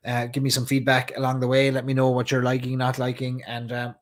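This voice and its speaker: Irish guy from cork chatting on a late-night live stream, rambling and easygoing, sounds a bit tired, mid-pitched. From Ireland. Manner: rambling, chatty, reads viewer comments aloud. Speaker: whiskey club host. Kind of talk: casual live-stream chat.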